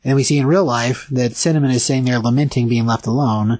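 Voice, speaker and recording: A man talking through a comic in relaxed chat, his voice a little husky and dry. He keeps it animated and jumps into quick character voices for the dialogue. Middle pitch, nothing echoing around him. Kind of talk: casual chat recapping a comic.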